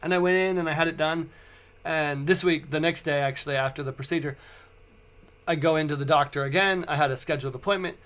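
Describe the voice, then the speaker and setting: High-voiced man in his forties. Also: quick pace. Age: 40s. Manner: animated, stumbling restarts. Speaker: podcast host. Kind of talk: casual storytelling.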